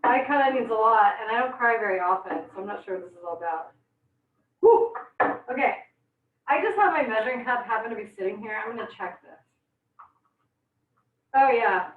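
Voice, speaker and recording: Teary-eyed from chopping onions, a young woman leads a live online cooking class, laughing and chatting with plenty of exclamations. Her fairly quick, animated voice sits on the high side, and the audio is echoey, distant, and phone-like.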